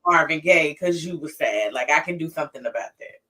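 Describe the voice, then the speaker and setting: Low-voiced woman podcast co-host. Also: expressive, a little fast, pushed and bright. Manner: explanatory, acts out quoted people. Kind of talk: casual podcast conversation.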